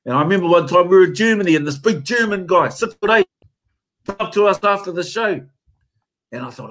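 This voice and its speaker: A man with a New Zealand accent, a haka teacher and company founder, telling stories in an animated, emphatic way during a casual interview. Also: sits high, brisk, faint music behind.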